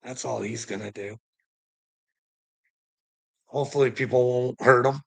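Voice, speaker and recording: Gravelly, husky-voiced man preaching at his chat. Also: mid-range voice, steady tone, unhurried, fairly bright tone, no echo, rough recording. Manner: profane, preachy, rambling, chuckles often. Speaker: livestreamer talking to chat. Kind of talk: rambling livestream monologue.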